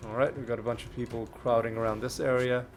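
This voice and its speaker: A man's voice: mid-range voice, level tone, fast. A man with a cold, now and then coughing, casually commenting on a video game as a let's play host while rambling and thinking aloud at his desk mic. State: ill with a cold, occasional coughs. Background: faint game music.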